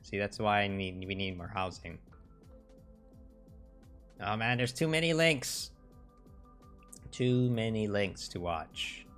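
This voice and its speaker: A man's voice: fairly low pitch, takes it slowly, pauses often, fairly bright tone, soft background music. A man hosting a casual livestream, rambling with many restarts, swearing and mocking in sarcastic quotes. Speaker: livestream host.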